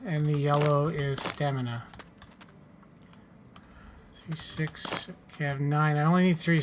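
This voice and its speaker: A man's voice: fairly high pitch, fairly bright tone, slight background noise. A man giving casual, self-mocking gameplay commentary as a gaming YouTuber, trailing off mid-thought.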